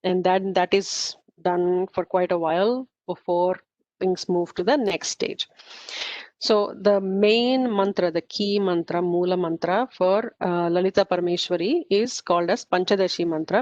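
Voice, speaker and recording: Her voice is lowish and darkish, with fairly even intonation and a moderate pace, as she teaches a study group in an informal lecture. She goes step by step with frequent fillers and self-corrections, heard on a dry, slightly muffled, dull recording.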